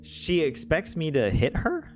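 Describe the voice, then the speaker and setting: A man's voice: on the high side, huge pitch swings, measured pace, darkish tone, soft background music. A man casually playing a text game, reading its narration aloud and joking about the text as he goes. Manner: joking, chatty, questions the text as he reads. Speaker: gaming video host.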